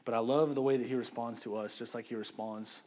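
A man preaching a sermon in an easy, conversational way, often checking in with his listeners with a quick "right?" and calling them "man." His voice sits in a middle pitch range and carries a long reverb tail from a large hall. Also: steady tone, darkish tone. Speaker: pastor. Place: church sanctuary.

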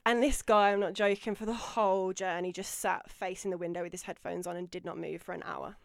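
A woman telling a lively story in a casual podcast chat, acting out other people's lines and growing louder as she gets excited. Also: fairly low pitch, a little fast, vocal fry, no room sound, studio quality. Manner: animated storyteller, acts out quotes, gets louder when excited. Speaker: podcast guest.

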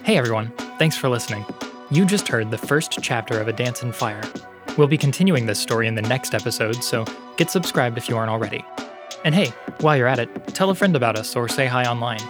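Man narrating in even, measured tones. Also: medium pitch, music in the background. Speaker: narrator and podcast host. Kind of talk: scripted audiobook narration.

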